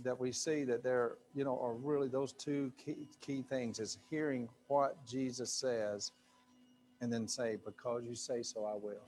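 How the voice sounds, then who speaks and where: A man's voice: medium pitch, darkish tone, a little hiss or hum. A male pastor preaching to a live congregation in a loose, conversational way, full of fillers and asides. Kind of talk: sermon. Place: church sanctuary with a live congregation.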